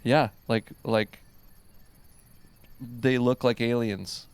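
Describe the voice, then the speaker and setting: Male podcast host, gravelly, casual and rambling. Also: medium pitch, fairly even intonation, extremely slow, no echo, faint music behind. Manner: loose, rambling, swears casually. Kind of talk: casual chat.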